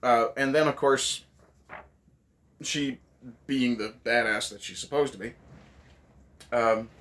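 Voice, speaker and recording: A man's voice: mid-range voice, takes it slowly, a bit bright. A man hosting a casual movie review, ranting sarcastically with lots of swearing.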